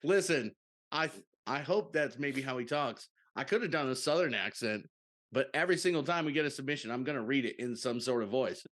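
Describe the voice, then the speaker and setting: A man's voice: medium pitch, fairly quick, a bit bright. A man co-hosting a podcast in casual chat, loose and joking, who swears freely. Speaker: podcast co-host.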